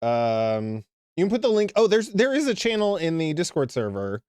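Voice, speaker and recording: A man's voice: a little high, very animated, normal speed, a little mellow, clean tone, no room sound, studio quality. A man hosting a live art stream, chatting casually, laughing often and swearing wryly. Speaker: streamer artist host.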